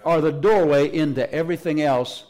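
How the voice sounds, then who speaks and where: A man's voice: a little high, normal speed, a little mellow. A man preaching a Pentecostal sermon in a church service, fervent and emphatic, repeating his key phrases for weight. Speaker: pastor.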